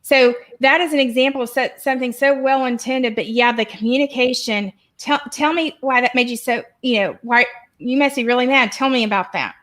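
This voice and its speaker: A woman hosting a parenting podcast who gives measured advice with frequent pauses and fillers. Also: sits high, steady tone, a bit bright. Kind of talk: casual podcast chat.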